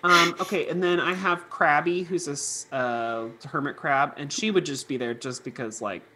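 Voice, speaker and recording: A woman's voice: low voice, moderate pace, pushed and bright, a little hiss or hum. A woman who teaches music, chatting casually as a podcast guest, rambling and laughing often with lots of fillers. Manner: giggly, rambling storyteller with many fillers.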